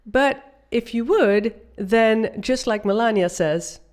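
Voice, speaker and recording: A woman whose English is not her first language, hosting a voice lesson in an upbeat, emphatic way with deliberate pauses. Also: a little high, a little mellow. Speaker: voice and accent coach, host. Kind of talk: presenting a video lesson.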